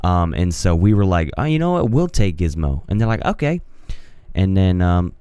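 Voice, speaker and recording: A young man chats through a casual solo podcast, his voice deep and dark in tone. He rambles and hesitates, restarting sentences and filling gaps with ums. The sound is close and dry, with no room around it. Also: very animated, moderate pace, clear, resonant tone, dry recording. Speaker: podcast host. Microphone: studio mic on a home mixer setup.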